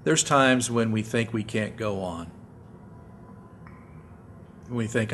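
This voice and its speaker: A man's voice: mid-range voice, slow pace, long pauses, slight background noise. A man preaching a sermon in church, talking with the congregation and acting out what people say, often asking "right?". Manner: acts out quoted voices with swings between loud and soft; conversational, repeats words and asks the audience "right?". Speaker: pastor. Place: church sanctuary.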